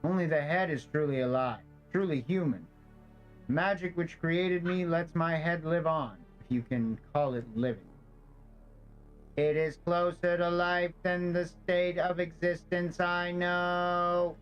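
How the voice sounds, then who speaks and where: A man's voice: a little high, unhurried, clean tone, muffled recording, faint music behind, lightly acted. A man putting on a stiff robot soldier voice. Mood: grave. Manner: stiff, flat robot-like reading. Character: weary male soldier, living head on a mechanical body.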